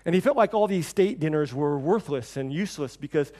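A middle-aged man preaching a sermon, telling stories and acting out quoted voices with lively shifts. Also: fairly quick. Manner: storytelling, acts out quoted voices with lively shifts in pitch and level. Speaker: pastor.

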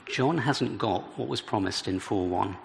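Gravelly man preaching in a reverberant hall. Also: on the low side, a little slow. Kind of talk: expository sermon. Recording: reverberant hall with faint background noise.

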